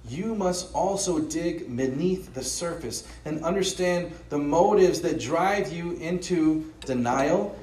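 A man's voice: fairly high pitch, darkish tone, a little hiss or hum. A pastor giving an earnest, conversational sermon, often posing rhetorical questions to his listeners. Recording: roomy echo, voice from a distance.

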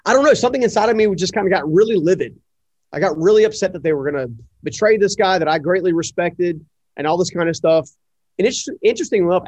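A middle-aged man, an entrepreneur, telling a personal story in an interview, animated and full of fillers as he acts out the dialogue. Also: on the high side, no room sound. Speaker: entrepreneur guest. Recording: dry, slightly muffled audio.

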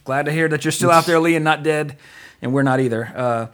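A man's voice: on the high side, a little fast, a bit bright. Rambling casual podcast host man. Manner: rambling, filler-heavy, laughs easily.

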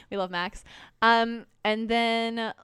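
A woman's voice: on the high side, steady tone, very slow, fairly bright tone, clean tone, no echo, studio quality. A young woman co-hosting a podcast, chatting casually and swearing freely as she recaps a musical and acts out quoted lines. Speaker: podcast co-host.

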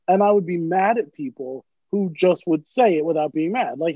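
A man's voice: high voice, fairly quick, few pauses, dry recording. Profane rambling man on a tinny line. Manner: profane, rambling, self-deprecating. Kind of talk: casual chat. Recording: dry tinny phone-like sound.

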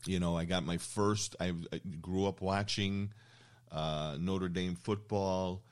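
Deep-voiced older man hosting, rambling. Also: fairly even intonation, slow pace, clean tone. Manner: rambling, anecdotal storyteller with many fillers. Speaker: show host. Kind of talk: casual interview chat.

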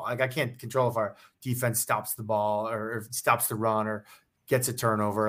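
A man's voice: mid-range voice, a little fast, fairly bright tone. A man who is a former quarterback, a guest on a talk show, telling stories in casual chat with a lot of "like" fillers. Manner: loose storytelling, heavy with "like" fillers.

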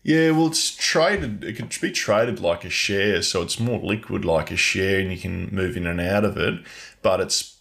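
A man's voice: sits low, measured pace, creaky, fairly bright tone. A man co-hosting a casual finance podcast, easygoing and explaining things at length. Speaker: podcast co-host.

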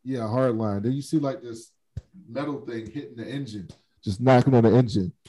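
A man's voice: mid-range voice, normal speed, warm tone, slightly rough, dry recording, low-quality recording. A man in casual chat, animatedly retelling a TV episode and acting out the characters' lines. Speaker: podcast co-host recapping a TV episode.

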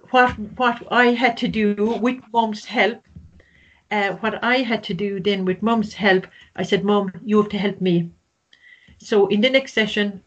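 A woman, a grief counsellor recounting a case in an interview, earnest and gentle. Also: mid-range voice. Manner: earnest, gentle, acts out quoted voices. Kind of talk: storytelling in an interview. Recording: slightly dull, lo-fi sound.

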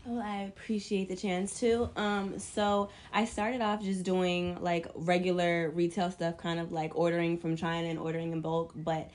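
A woman's voice: lowish voice, flat delivery, moderate pace, hardly any pauses, darkish tone. A woman guest on a casual podcast, chatty and laid-back, describing her clothing line with many fillers.

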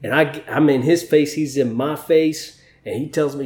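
A man's voice: medium pitch, a little slow, few pauses, a little mellow. A man, a Navy chief, telling personal stories as an interview guest in a candid, emotional way, swearing freely. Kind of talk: conversational storytelling. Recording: roomy echo.

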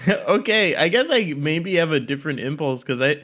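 A young man trading teasing jokes with friends in a casual chat. He laughs easily, and his voice sits a little high for a man. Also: expressive, moderate pace, fairly bright tone. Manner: teasing, joking, laughs often.

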